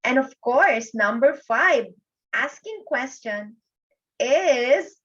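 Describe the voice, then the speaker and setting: Woman, grade one teacher, slow and patient, slightly high voice, muffled lo-fi sound. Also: animated, a bit bright, slightly rough. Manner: patient, drawn-out, addresses kids often. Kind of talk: slow classroom lesson for children. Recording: dull lo-fi recording.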